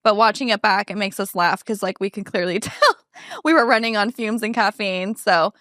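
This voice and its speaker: A woman's voice: mid-range voice, brisk, fairly bright tone, no echo, studio quality. A woman co-hosting a podcast, chatting casually with giggles and lots of fillers. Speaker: podcast co-host. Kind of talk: casual chat.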